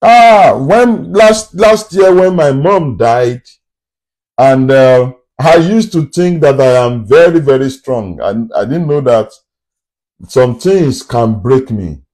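A man's voice: medium pitch, animated, slow, a little mellow. A man preaching a sermon, emphatic and fond of repeated rhetorical questions.

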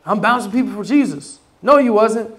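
In this sermon the pastor is animated and talks at a normal speed, keeping it casual and full of slang. Quoted voices get acted out, and he shifts back and forth between loud bursts and low asides.

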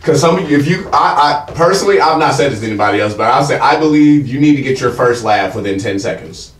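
Fast-talking male comic host, animated storyteller, roomy and distant sound. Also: mid-range voice. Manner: animated storyteller, acts out quotes. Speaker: comedian and interviewer. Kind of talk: casual storytelling chat. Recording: roomy, distant mic, faint noise.

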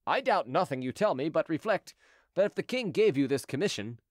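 A courteous gate officer who will not bend on the rules, read by a man in an audiobook. He sounds polite and firm. The voice sits fairly high, with a lively lilt, and the sound is dry. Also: fairly quick, no echo. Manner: courteous but unyielding.

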